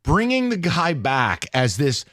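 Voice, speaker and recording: A man's voice: a little high, huge pitch swings, unhurried, a bit bright, dry recording. A man hosting sports talk radio in a studio, blunt and sarcastic, with emphatic jabs. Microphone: studio mic.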